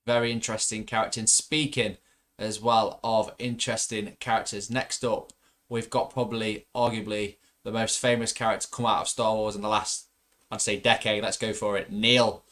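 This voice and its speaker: A man's voice: lowish voice, level tone, moderate pace, fairly bright tone. A man co-hosting a casual fan podcast, talking eagerly with many fillers and restarts. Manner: enthusiastic, frequent fillers and restarts. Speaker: podcast co-host.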